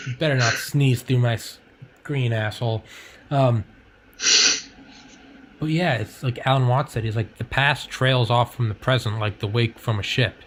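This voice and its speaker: A man's voice: medium pitch, moderate pace, long pauses, slight background noise. A man rambling in casual chat, swearing freely and leaning on "like" and "you know.".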